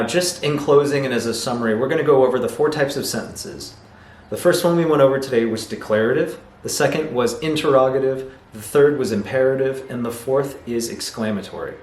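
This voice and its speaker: Patient male grammar teacher, roomy sound. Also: medium pitch. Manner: patient, explanatory, acts out example sentences. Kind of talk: video lesson. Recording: roomy echo, faint noise.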